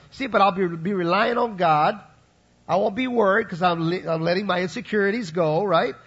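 A man's voice: high-pitched, fairly bright tone, slightly rough, highs cut off. A man preaching a sermon to his congregation in a conversational way, checking in with asides to the listeners. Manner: conversational preaching, frequent "right?" and "you follow?" asides. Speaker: pastor.

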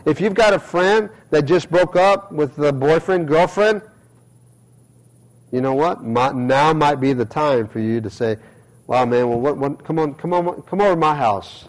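A man's voice: mid-range voice, darkish tone, poor audio. A middle-aged male pastor giving a conversational sermon, acting out everyday quotes as he preaches.

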